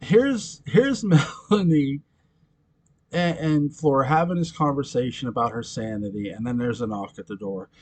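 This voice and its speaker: A man's voice: mid-range voice, moderate pace. A man recapping a TV episode in casual chat, rambling and giggling often, correcting himself as he goes. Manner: giggly, rambling, frequent laughter and self-corrections. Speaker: fan commentator recapping episodes.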